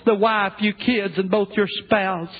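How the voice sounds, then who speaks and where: A male preacher playing a regretful father lamenting from hell, with a halting, pleading, mournful delivery. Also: high-pitched, fairly even intonation. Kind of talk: dramatic sermon reading. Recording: tinny lo-fi phone-like recording.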